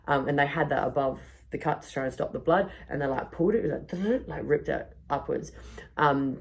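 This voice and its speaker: A young woman tells a story on her podcast, rambling and swearing freely. Her voice has a gravelly fry, and she pads her sentences with "like". She is recording outdoors in a backyard. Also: low-pitched, darkish tone. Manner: rambling, swears a lot, fills with "like". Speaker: podcast host.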